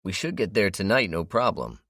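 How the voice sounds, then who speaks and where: A man reading an audiobook, voicing a calm, patient hunter who explains things at length. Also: sits low, fairly quick, husky, no echo, clean studio sound, voice pushed up, exaggerated voice. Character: grown man, a hunter and guide, calm and steady.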